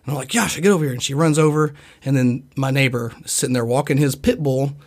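A man's voice: mid-range voice, fairly even intonation, fairly quick, darkish tone. A young man in casual podcast chat, telling a long, profane, rambling story and acting out other people's lines. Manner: acts out other people's voices in quotes.

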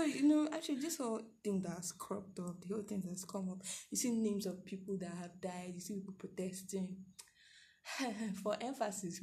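A young Nigerian woman with a Nigerian accent, co-hosting a casual chat with animated, laughing exclamations. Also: mid-range voice, a little hiss or hum. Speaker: podcast co-host.

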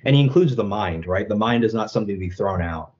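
A man's voice: lowish voice, lively intonation, fast, darkish tone, highs cut off. A young Catholic apologist man, speaking earnestly and thoughtfully in an interview, often adding "right?" and "you know". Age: young adult. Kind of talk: reflective interview conversation.

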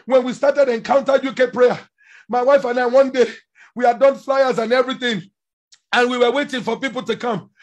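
A man preaching a sermon with passion, often shouting. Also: extremely high pitch, fairly even intonation, fairly quick. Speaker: pastor.

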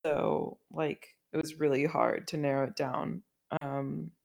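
Gravelly, thoughtful podcast co-host. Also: medium pitch, little pitch movement, a little slow, darkish tone. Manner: thoughtful, hedging with "I feel like". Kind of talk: casual chat.

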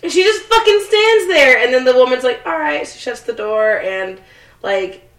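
A young woman in casual chat, cursing freely and getting excitable while retelling a movie plot. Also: sits high, normal speed, distant mic. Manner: loose, profane, excitable. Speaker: co-host. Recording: echoey room, off-mic.

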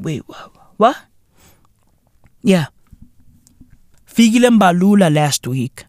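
Male podcast host, slow-paced, animated and exasperated, cursing and sarcastic. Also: a little high, dry recording, clean studio sound. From South Africa. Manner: profane, sarcastic, exasperated ranting with slang. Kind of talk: solo podcast commentary rant.

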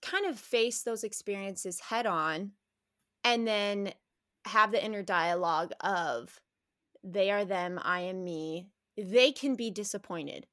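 Woman interview guest, animated, lots of restarts, dry room, mid-pitched voice. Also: no room sound. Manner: animated, frequent restarts and laughs. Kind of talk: candid conversational interview.

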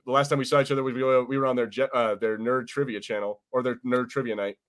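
A man's voice: medium pitch, flat delivery, fast, a bit bright. Rambling, swearing male podcast co-host. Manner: rambling, many fillers and restarts, swears freely. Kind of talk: casual chat reviewing a TV episode.

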